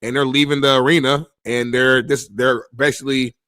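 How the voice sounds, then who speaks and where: A man's voice: mid-range voice, flat delivery, normal speed, sharp tone, no room sound, clean studio sound. A man hosting a sports talk show, telling a story in loose, slangy casual chat. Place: Los Angeles area.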